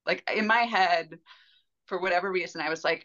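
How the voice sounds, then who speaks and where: A woman telling a personal story as a podcast guest, candid and rambling with fillers and soft laughs. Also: lowish voice, moderate pace, dull audio.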